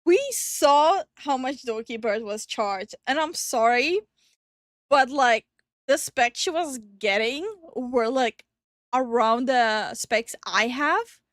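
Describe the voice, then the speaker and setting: Giggly high-voiced woman streamer, dry sound. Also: dry recording. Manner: giggly, animated, quick to laugh. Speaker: VTuber co-host. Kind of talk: casual reaction commentary.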